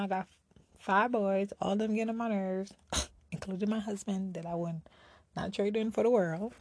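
A woman's voice: medium pitch, a little mellow, dry recording. A middle-aged woman ranting candidly in a casual personal vlog, slightly out of breath, tossing in rhetorical asides. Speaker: vlogger.

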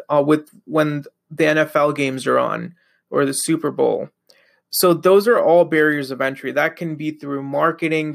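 A man's voice: on the high side, vocal fry, a bit bright. A young man hosting a podcast, talking in a loose, rambling solo monologue full of fillers, sleepy and yawning at times. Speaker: podcast host.

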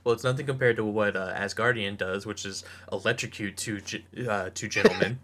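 A man with a somewhat low voice co-hosts a relaxed comic book chat. He chuckles often and adds short, dry quips. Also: a little fast. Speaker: podcast co-host. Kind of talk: casual comic book discussion.

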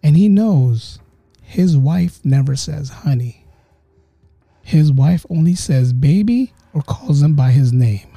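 A man hosting a podcast, telling a ghost story in a chatty way, talking straight to his listeners and slowing down for suspense. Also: on the high side, lively intonation, vocal fry, mellow, husky, no room sound. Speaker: podcast host.

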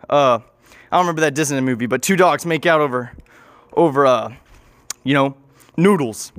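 A man improvising an absurd story in a rambling, excitable way, swearing and acting out the scenes. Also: fairly high pitch.

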